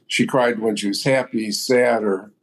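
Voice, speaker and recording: A man's voice: on the low side, steady tone, a little slow. A man in his seventies, a business guest in a podcast interview, speaking bluntly and matter-of-factly. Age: 70s. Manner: blunt, matter-of-fact storytelling. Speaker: guest entrepreneur.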